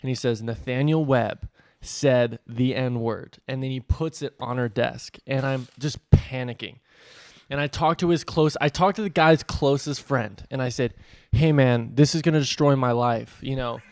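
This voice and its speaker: A Californian man co-hosting a comedy podcast, telling a childhood story in an animated, laughing way. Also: medium pitch, normal speed, clean tone, dry recording, studio quality. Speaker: podcast co-host. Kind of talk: casual storytelling.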